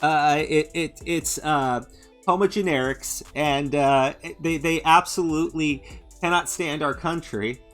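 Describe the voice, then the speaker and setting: A man with a fairly high, slightly bright voice hosts a commentary channel, ranting sarcastically with mockery and profanity. He keeps stumbling, halting to restart and stammering fillers, while faint music plays in the background.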